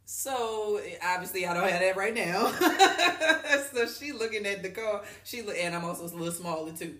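A woman's voice: mid-range voice, lively intonation, normal speed, a bit bright, echoey room. A woman co-hosting a podcast, telling a story in a casual, slangy way and laughing often. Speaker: podcast co-host.

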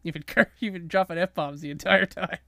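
A co-host in casual podcast chat, full of jokey, teasing banter at a middling pitch. The sound is dry and close to the mic. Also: steady tone, fairly quick, creaky, bright, forceful tone, no echo. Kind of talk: casual wrestling recap chat.

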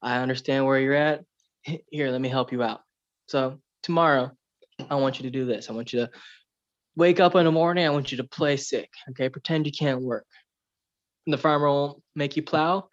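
Man putting on a laid-back donkey, talks like a buddy, mid-pitched, lo-fi sound. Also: steady tone, moderate pace, natural voice. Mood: friendly. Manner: casual, buddy-like advice. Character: streetwise helpful male donkey, chummy.

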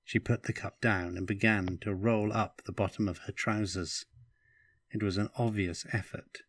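A man narrating a fantasy audiobook in a slow, even reading voice. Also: on the low side, no echo. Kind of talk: scripted narration.

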